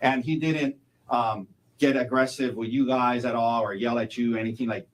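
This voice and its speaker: A man as a defense attorney cross-examining a witness in court, halting and repeating words, closing each point with a leading question. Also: mid-range voice, fairly even intonation, rough recording.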